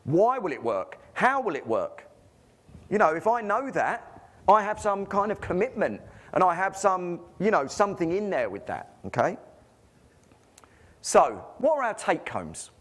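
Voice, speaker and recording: A man's voice: high voice, sing-song, measured pace, fairly bright tone. A man with an English accent giving a conference presentation as a physiotherapist, full of rhetorical questions and jokey asides.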